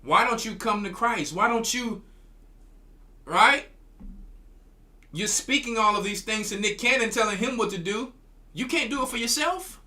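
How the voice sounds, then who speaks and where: High, bright-voiced scolding preacher man. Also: normal speed, long pauses. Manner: scolding, repeats words and restarts. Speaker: church elder commenting on clips. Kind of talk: preaching commentary.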